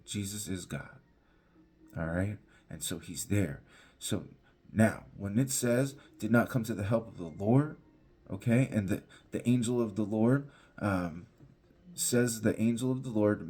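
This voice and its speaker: A pastor teaching an informal devotional, talking conversationally with restarts and emphatic repetition. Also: male voice, low voice, darkish tone, slightly rough.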